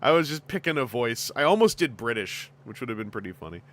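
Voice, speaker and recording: A man hosting a casual podcast chat, talking in a chatty, lively way with plenty of fillers. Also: medium pitch, fast. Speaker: host.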